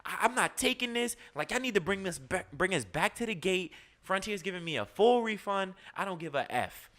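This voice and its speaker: A man voicing an angry Brooklyn woman passenger who is loud, demanding and cursing, in a comic podcast retelling. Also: mid-range voice, animated, a little fast, voice pushed up, lightly acted. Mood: furious.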